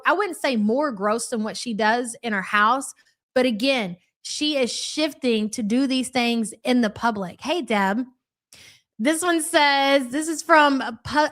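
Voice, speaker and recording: Profane, mocking woman with a higher voice. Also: fairly bright tone. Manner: chatty, reads out viewer comments. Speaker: livestream commentary host. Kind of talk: live reaction commentary.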